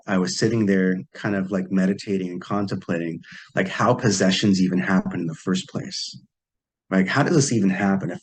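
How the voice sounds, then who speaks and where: A man, a podcast guest, telling a personal story in a relaxed way and acting out the quoted dialogue. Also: fairly low pitch, breathy edge. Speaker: podcast guest, psychic healer. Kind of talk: casual storytelling.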